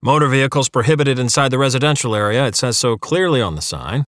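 A man's voice: mid-range voice, animated, fast talker, fairly bright tone, no echo, lightly acted. Guy doing a grumpy stubborn old man, blunt and short, dry audio. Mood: gruff. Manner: gruff and blunt.

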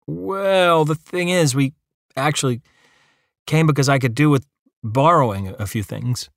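A man's voice: a little high, a little slow, creaky, no echo, voice pushed up. An awkward lanky young man with a raised, sheepish voice that stammers and trails off, as a male narrator puts him on. He sounds unsure of himself, read close and dry. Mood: hesitant.

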